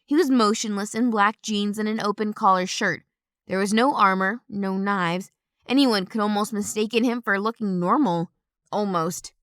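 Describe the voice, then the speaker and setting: A woman giving brisk, expressive first-person audiobook narration on a close studio mic. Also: medium pitch, no room sound.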